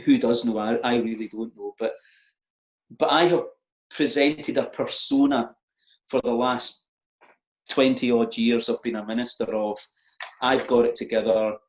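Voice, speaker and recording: A middle-aged man, a church minister, speaking openly and reflectively in an interview, often halting and repeating words. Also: mid-range voice, steady tone. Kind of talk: candid conversational interview. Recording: echoey, dull lo-fi audio.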